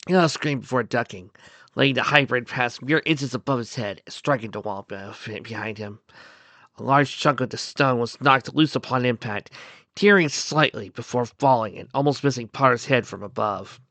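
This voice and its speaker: A man reading a story aloud in steady narration, with small slips and restarts. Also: medium pitch, normal speed, no room sound. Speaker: story reader. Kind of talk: reading fan fiction aloud.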